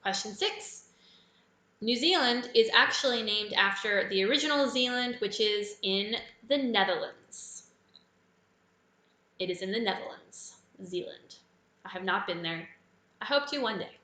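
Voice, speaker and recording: A woman hosting a live trivia quiz, with a bright, crisp voice. She walks through each answer in a relaxed, chatty way and drops in little personal asides. Her voice rings in a roomy, echoey space. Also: mid-range voice, unhurried. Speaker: quiz host. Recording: echoey room.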